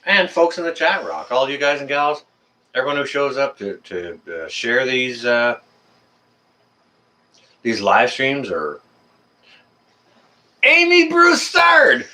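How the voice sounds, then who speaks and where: A man's voice: mid-range voice, a little slow, pauses often, pushed and bright. A man hosting a casual live stream from his apartment, chatting and reading viewers' messages aloud. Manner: chatty, talks to viewers and reads chat aloud.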